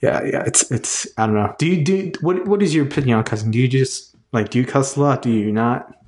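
A man in a relaxed podcast conversation, with a voice of ordinary middle pitch. He rambles, circling back with "like" and "you know" as he gropes for words. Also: fairly quick. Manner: rambling, many fillers and restarts. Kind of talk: casual chat.

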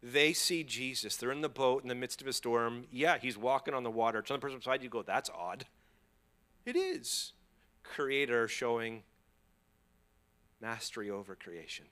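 A man preaching a sermon, drawing the congregation into call-and-response and moving between hushed, slow passages and loud, rising ones. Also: mid-range voice, fairly even intonation, clean tone. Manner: playful asides to the audience. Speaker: pastor.

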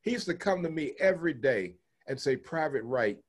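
An older man from Texas being interviewed, telling long stories from his life with chuckles and lively quoted voices. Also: fairly high pitch, a little fast, breathy edge. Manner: animated storyteller, chuckles, acts out quoted voices. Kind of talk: oral history storytelling.

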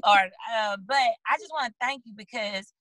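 A woman's voice: fairly high pitch, normal speed, no echo, rough recording. A woman from St. Louis, a guest author, talking earnestly and at length in a casual interview over a video call. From St. Louis, USA. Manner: earnest, rambling, animated storyteller.

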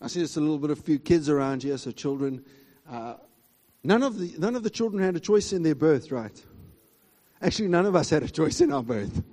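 A man preaching a sermon emphatically, swinging between loud high exclamations and quiet asides. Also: expressive, brisk, long reverb tail. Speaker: pastor.

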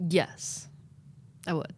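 A woman's voice: extremely slow, darkish tone. A woman as a podcast guest, chatty and laughing as she tells her side of a trip. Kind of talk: casual podcast chat.

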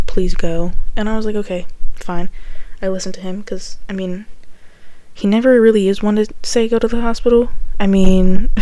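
A young woman casually telling a personal story, chatty and profane, full of fillers and quick laughs. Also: medium pitch, mellow.

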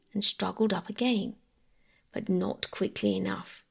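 A woman storyteller reading a classic children's novel aloud as a calm bedtime story. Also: mid-range voice, a little slow, creaky, husky.

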